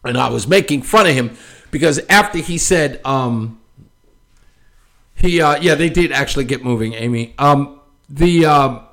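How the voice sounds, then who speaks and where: A man's voice: mid-range voice, unhurried. A man hosting a talk show, ranting with frequent laughs and loose fillers. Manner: ranting, animated, laughs often, many fillers. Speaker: show host. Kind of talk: opinionated political commentary.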